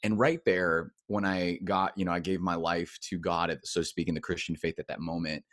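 A man telling personal stories on a podcast, animated and candid, acting out the voices of the people he quotes. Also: low-pitched, brisk, no echo, studio quality. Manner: animated storyteller who acts out quoted voices. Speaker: podcast guest. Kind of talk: candid conversational storytelling.

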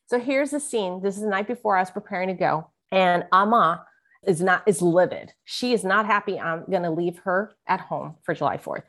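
A woman's voice: lowish voice, normal speed, a bit bright. A woman from San Francisco, a guest author, reading from her memoir and talking about it with earnest, vivid emotional emphasis. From San Francisco, USA. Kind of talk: memoir reading mixed with conversation.

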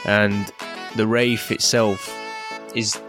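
A man's voice: fairly low pitch, little pitch movement, extremely slow, over music. A man with a Northern English accent co-hosting a podcast in casual, rambling chat. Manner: rambling, chatty, with fillers and restarts. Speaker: podcast co-host.

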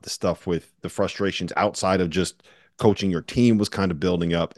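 A man hosting a podcast, asking long, relaxed questions in a conversational way. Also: sits low, dry recording, clean studio sound. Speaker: podcast host.

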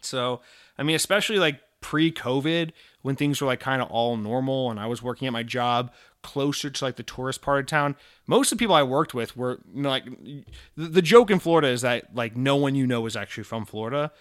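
Casting: young American man, standard accent, sarcastic, rambling, swearing, mid pitch, dry close sound. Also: brisk, a bit bright, no room sound. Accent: General American. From Georgia, USA. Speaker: podcast host answering listener letters. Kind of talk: casual chat.

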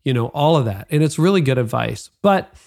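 A man's voice: medium pitch, lively intonation, brisk, creaky, a little mellow. Reflective man hosting an interview. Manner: reflective, conversational questioning. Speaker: podcast host. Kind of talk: interview questions.

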